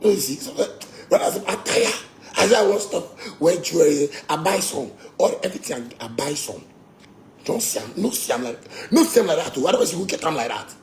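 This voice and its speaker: A man's voice: a little high, expressive, a little fast. A man with a Ghanaian accent, a musician ranting boastfully and with swearing, slipping into Pidgin. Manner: boastful, profane, mixes Pidgin. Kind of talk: heated rant.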